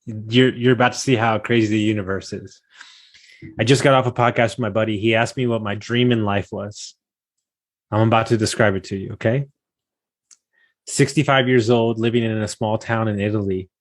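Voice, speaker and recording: A man's voice: fairly low pitch, steady tone, normal speed. A man hosting a casual podcast, talking eagerly in a slangy, storytelling way. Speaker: podcast host.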